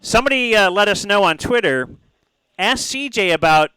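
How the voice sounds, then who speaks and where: A man co-hosting a sports radio show, setting up a topic in a halting way with many pauses and fillers. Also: high-pitched, expressive, bright, forceful tone, smooth, no echo, poor audio. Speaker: radio co-host. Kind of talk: casual sports radio chat.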